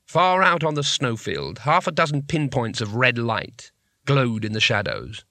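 A man reads a comic fantasy novel aloud with wry, measured timing. His voice is bright and forward, and the studio recording is dry and close. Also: mid-range voice, big pitch swings, no room sound. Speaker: audiobook narrator. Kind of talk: scripted narration.

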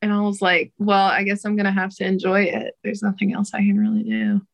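A woman's voice: medium pitch, level tone, a little fast, gravelly, poor audio. A young woman, a singer, chatting casually as a podcast guest, laughing often and using casual slang and swearing. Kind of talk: casual interview chat.

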